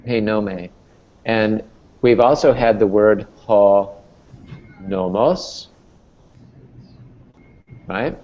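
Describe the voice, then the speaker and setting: A man's voice: lowish voice, extremely slow, pauses often, lo-fi sound. A man teaching a Greek class as professor, explaining patiently and checking in with "okay?" and "right?". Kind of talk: classroom lecture.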